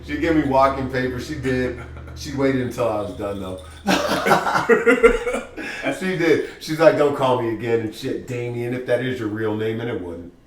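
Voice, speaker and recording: Crude, animated man telling a story. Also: mid-range voice, measured pace. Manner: crude, animated storyteller acting out both sides. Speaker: podcast co-host. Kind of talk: casual storytelling chat. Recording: roomy, distant mic with faint noise.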